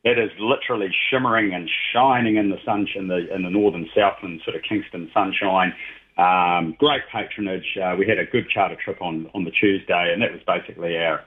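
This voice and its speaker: A man's voice: sits low, a little fast. A middle-aged man chatting casually on radio as a regular guest, rambling with many fillers. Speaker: regular guest, heritage train operator. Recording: tinny phone line.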